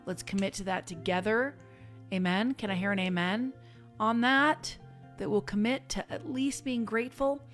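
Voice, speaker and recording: Woman preacher chatting through a laid-back online sermon, warm and personal, gets fired up sometimes, faint music behind. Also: medium pitch, moderate pace. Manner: warm, chatty, with bursts of fervent exhortation. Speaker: spiritual minister.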